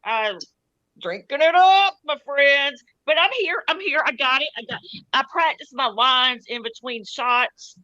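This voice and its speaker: A woman's voice: sits high, lively intonation, measured pace, sharp tone, dry recording, highs cut off, full character voice. A woman playing a tipsy, brash auditioner who rambles in a loose, drawling voice in an improv scene. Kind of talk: improv comedy character.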